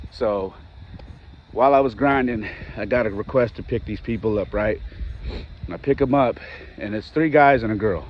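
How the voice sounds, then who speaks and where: A man in his forties tells a story in an easy, chatty way, slipping in quoted back-and-forth as he goes. His voice sits on the low side, and the recording is dull and lo-fi with a faint hum of background noise. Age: 40s. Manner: retells conversations, acting out both sides. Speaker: podcast host. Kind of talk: casual storytelling.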